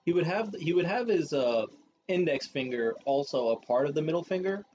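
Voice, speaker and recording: A young man co-hosting a casual podcast, talking earnestly and musing, often trailing off softly. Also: on the high side, animated, fairly quick, slight background noise. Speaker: podcast co-host. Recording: dull lo-fi home podcast mic.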